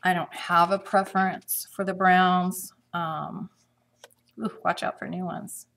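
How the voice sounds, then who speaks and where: Slow, chatty woman demonstrating crafts. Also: on the low side, flat delivery, vocal fry, fairly bright tone. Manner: chatty, thinking aloud while working.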